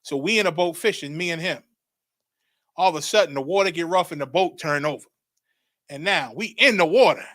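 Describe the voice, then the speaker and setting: A middle-aged man recounting a religious vision as a testimony, dramatic and repetitive, building to excited shouts. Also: sits high, no room sound, clean studio sound. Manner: dramatic, repeats phrases, rising to excited shouts. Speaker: religious teacher. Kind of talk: testimony storytelling.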